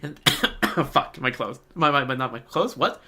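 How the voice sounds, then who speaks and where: A woman's voice: low voice, animated, moderate pace, bright, forceful tone. Chatty woman playing a game. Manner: chatty, joking, talks to herself. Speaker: game streamer. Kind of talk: casual gameplay commentary.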